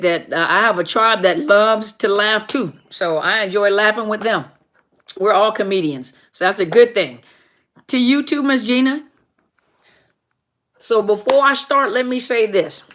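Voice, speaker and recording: A woman's voice: medium pitch, unhurried. Chatty woman greeting live viewers. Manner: greets viewers by name, warm and chatty, laughs at herself. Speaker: livestream host and minister. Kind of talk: casual live Q&A chat.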